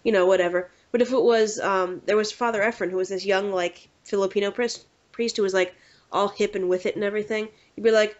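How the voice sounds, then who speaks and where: A woman hosting a podcast, telling rambling, animated stories in casual chat. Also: medium pitch. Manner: animated, rambling, quick to slip into quoted voices. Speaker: podcast host. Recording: dull lo-fi podcast audio.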